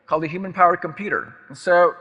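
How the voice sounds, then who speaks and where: A man's voice: high-pitched, quick pace, pushed and bright, highs cut off, slight background noise. A man giving a stage talk to a live audience, chatty and self-deprecating, with lots of fillers and restarts. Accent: American. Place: large lecture hall. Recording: long hall reverb.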